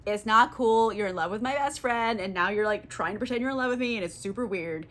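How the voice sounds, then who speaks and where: A woman's voice: mid-range voice, quick pace, fairly bright tone, natural voice. A woman voicing an angry, betrayed young woman who accuses her friends in an exasperated tone. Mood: accusing.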